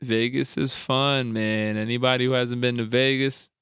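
A man co-hosting a casual podcast, ranting loudly with profanity and laughing often. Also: mid-range voice, little pitch movement, moderate pace, clean tone, no echo, clean studio sound. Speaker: podcast co-host. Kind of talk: casual chat.

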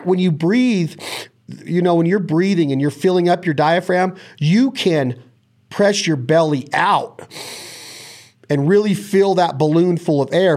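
A podcast host leads a casual chat about duck calling, speaking enthusiastically and now and then breaking into vocal call sounds. His voice is on the high side with a darkish tone.

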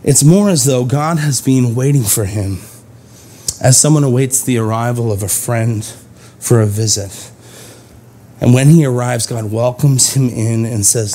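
Dark, husky-voiced male preacher. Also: mid-range voice, a little slow. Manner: conversational preaching, acts out scripture dialogue. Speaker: pastor. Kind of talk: sermon.

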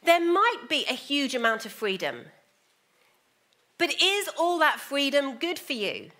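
A woman preaching a sermon, moving between hushed, slow asides and lively, emphatic bursts. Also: sits high.

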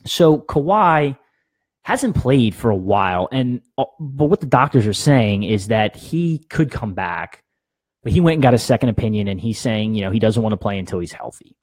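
A young man with a lowish voice runs a casual sports podcast, firing off blunt, opinionated takes. He talks loosely and chuckles at his own jabs. The sound is close and dry, with no room echo. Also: animated, moderate pace, darkish tone.

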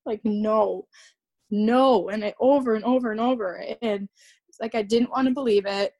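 A young woman, a podcast guest, recounting a painful personal story in a halting way, often repeating herself and restarting sentences. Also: on the high side, steady tone, warm tone.

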